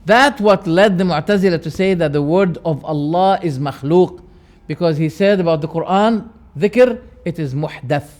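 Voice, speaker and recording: A religious teacher with a high-pitched voice gives a classroom lecture on creed at normal speed. He speaks emphatically, swinging between loud, rising phrases and quiet, dropped endings. He repeats key words to drive each point home.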